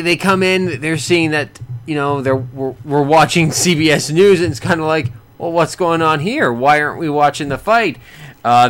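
A man casually recapping a boxing match he watched, rambling with many restarts and bursts of excitement. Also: medium pitch. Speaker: boxing fan reviewing a fight.

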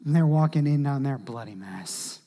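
Animated male preacher, loud to hushed. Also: medium pitch, moderate pace, slight background noise. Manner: animated, swings from loud shouting to hushed near-whispers. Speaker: pastor. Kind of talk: sermon.

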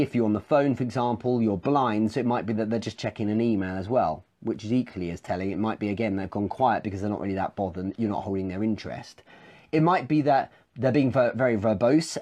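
A man's voice: on the low side, dark tone. A middle-aged man giving a conversational sales-training talk on a live stream, with asides and restarts.

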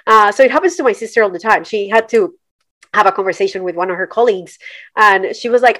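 A woman's voice: medium pitch, fast talker, a bit bright, no room sound. A middle-aged woman from Colombia, a podcast guest telling her story candidly. She talks directly and emphatically, slipping into voices of the people she quotes.

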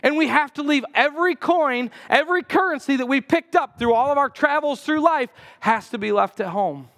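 A man preaching a sermon as pastor, telling a story with lively acted-out quotes and sudden loud cries. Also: moderate pace, long reverb tail. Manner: animated storytelling, acts out quotes with sudden high outbursts. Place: church sanctuary.

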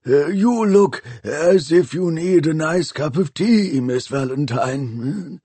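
A man's voice: fairly high pitch, animated, slow pace, dark tone, husky, no room sound, pitched above the performer's own voice, exaggerated voice. A man voicing a flustered, bumbling elderly male art historian who stammers through many fillers. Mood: kindly.

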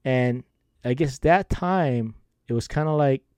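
Smooth and unhurried, a man's medium-pitched voice comes through a dry, clean studio recording. He's a podcast host spinning rambling, casual stories, often laughing and animatedly voicing what others said.

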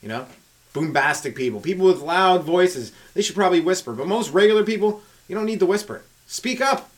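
A man doing a rambling stand-up comedy monologue on his podcast, riffing with frequent asides to the listener and swinging between loud and hushed delivery. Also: sits high, fast talker. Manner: riffing, talks to listener with frequent "right?" and "you know".

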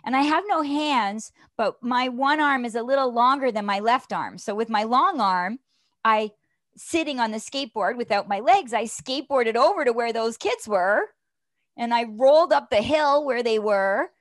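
A middle-aged woman telling personal stories as an interview guest, earnest and animated, often asking "right?". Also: on the high side, dry recording, studio quality. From Canada. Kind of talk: conversational storytelling interview.

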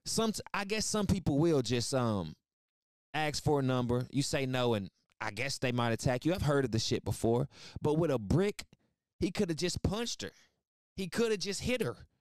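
Smooth-voiced man in blunt, profane commentary. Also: mid-range voice, moderate pace, dry recording, clean studio sound. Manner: blunt, profane, animated storytelling with repeated asides. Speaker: online commentator and podcast host. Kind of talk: casual reaction commentary.

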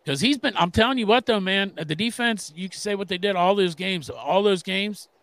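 Gravelly, profane middle-aged man. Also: sits high, normal speed, a bit bright, dry recording. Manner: profane, emphatic, rambling. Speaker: podcast co-host. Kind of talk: casual sports podcast chat.

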